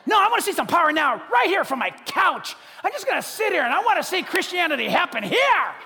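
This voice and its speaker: A man acting out God as a booming, excited figure urging people to get up and go. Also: moderate pace, long reverb tail, slight background noise, full character voice. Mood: exuberant. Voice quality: shouting, exuberant.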